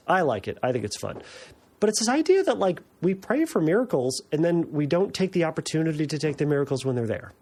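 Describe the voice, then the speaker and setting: A man's voice: on the high side, a little mellow. A man hosting a podcast, talking casually and explaining things with lots of fillers and restarts. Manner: conversational, many fillers and restarts. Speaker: podcast host.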